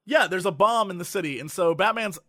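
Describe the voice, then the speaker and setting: A man co-hosting a podcast in casual chat, animated and lively, now and then breaking into mocking voices. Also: high-pitched, fairly quick, no room sound, studio quality. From United States. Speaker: podcast co-host.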